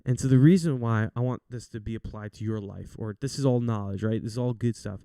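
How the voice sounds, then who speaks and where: A man's voice: on the low side, fairly quick, gravelly, mellow, clear, resonant tone, dry recording, clean studio sound. A young man hosting a casual faith talk show, speaking in an earnest, chatty, encouraging way. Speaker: podcast host.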